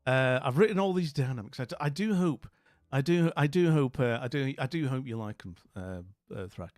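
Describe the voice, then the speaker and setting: A man's voice: mid-range voice, lively intonation, moderate pace, darkish tone, no echo, clean studio sound. A middle-aged man with a Scottish accent hosting a livestream, chatting casually, telling a story and reading chat aloud. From Scotland. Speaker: livestream host.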